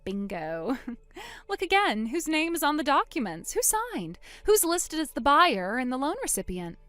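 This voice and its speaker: A woman voicing a wronged older sister in a dramatized text-message story, speaking quietly and deliberately. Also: high-pitched, big pitch swings, no room sound, faint music behind, exaggerated voice. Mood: cold.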